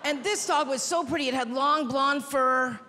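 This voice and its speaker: A woman comedian doing a brassy, punchy stand-up routine on a TV studio stage, using a handheld mic, with a loud crowd cheering. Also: high-pitched, normal speed. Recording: reverberant hall with loud crowd.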